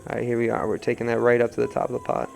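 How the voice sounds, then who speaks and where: A young man casually teaching wheel throwing, coaching in a relaxed way and often checking in with "right?". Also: medium pitch, racing, vocal fry, faint music behind. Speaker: pottery teacher.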